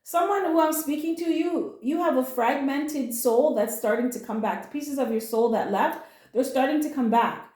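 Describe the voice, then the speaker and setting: A woman's voice: sits high, moderate pace, a little mellow. Emotional, earnest woman tarot reader in an echoey room. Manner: emotional, earnest and comforting, with blunt slang. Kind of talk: casual spoken tarot reading.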